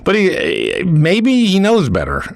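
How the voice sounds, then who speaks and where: A man hosting a casual interview in a wry, halting way, with frequent restarts. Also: high voice, huge pitch swings, vocal fry, no room sound, studio quality. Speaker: podcast host.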